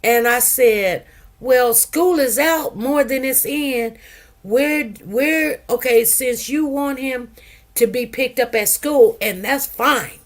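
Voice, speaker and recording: A woman, hosting casual commentary and telling stories with animated, acted-out quotes. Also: sits high, takes it slowly. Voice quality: lively, animated storytelling, acts out quotes. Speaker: commentary host.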